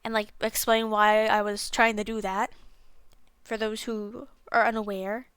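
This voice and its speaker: Young female streamer, casual rambling review, clear voice, dry close mic. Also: medium pitch, level tone, a little slow, a bit bright, no room sound. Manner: rambling, self-deprecating, lots of fillers. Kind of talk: casual game review chat.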